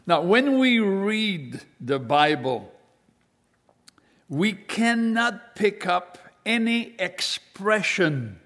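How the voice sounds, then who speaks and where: Slow, high-voiced man preaching. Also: very animated, a bit bright. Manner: slow and deliberate, reading scripture aloud. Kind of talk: sermon.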